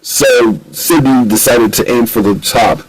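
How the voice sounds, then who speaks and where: Give me a man narrating a homemade audiobook, steady and mid-pitched. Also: a little slow, poor audio.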